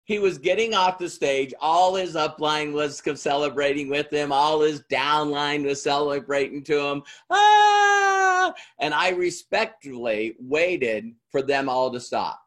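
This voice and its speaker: Brief: middle-aged man, motivational speaker, slow deliberate delivery, fairly high voice. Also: fairly bright tone. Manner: emphatic, repeats lines, quizzes audience. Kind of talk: motivational stage talk.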